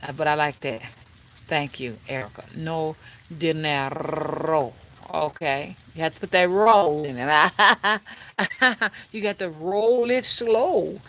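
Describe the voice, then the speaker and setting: A woman hosting a casual livestream as a spiritual reader, chatting and greeting viewers by name in a drawn-out, friendly way. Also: deep voice, fairly bright tone, a little hiss or hum.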